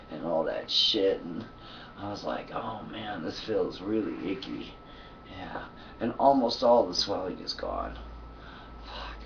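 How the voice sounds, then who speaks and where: A man's voice: low-pitched, vocal fry, recorded from a distance, muffled recording, background noise. A man talking to his camera in a loose, profane monologue, sleepy and yawning, laughing often between thoughts. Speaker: vlogger. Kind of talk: casual rambling monologue.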